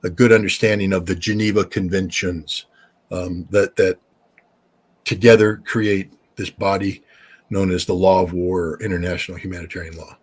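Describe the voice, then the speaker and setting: An American man speaks bluntly and emphatically as the expert guest on a podcast. His voice is husky and slightly rough. He answers at length with firm conviction. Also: deep voice, fairly even intonation, moderate pace. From United States.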